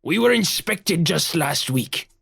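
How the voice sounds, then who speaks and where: A man voicing a gruff old male pirate who challenges an inspector in a gravelly, husky voice. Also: fairly high pitch, lively intonation, slow pace, a bit bright, voice pushed up, exaggerated voice. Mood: indignant. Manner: blustering, challenging.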